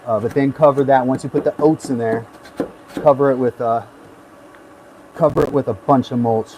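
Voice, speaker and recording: A man's voice: mid-range voice, steady tone, normal speed, darkish tone, slight background noise, rough recording. A man hosting a casual live stream, rambling easily as he gives hands-on tips and chats with viewers. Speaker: livestream host.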